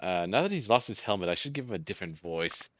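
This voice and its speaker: A man's voice: deep voice, expressive, fast, no room sound, highs cut off. A man casually commenting on a game he is playing, chatty and self-deprecating. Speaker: let's-play host.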